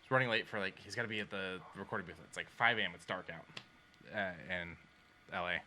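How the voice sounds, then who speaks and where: Bright-voiced man telling animated stories. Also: deep voice, fast talker, slight background noise. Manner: animated storyteller, acts out quoted voices. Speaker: podcast co-host. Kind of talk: casual chat.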